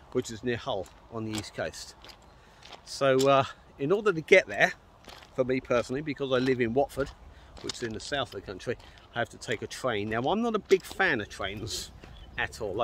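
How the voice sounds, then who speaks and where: A man's voice: mid-range voice, fairly bright tone, slight background noise. A man telling a cycling trip story in a casual, rambling way, with many repeats and "I said" asides. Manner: rambling, repeats himself, lots of "I said" and stammered restarts. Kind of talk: casual spoken anecdote.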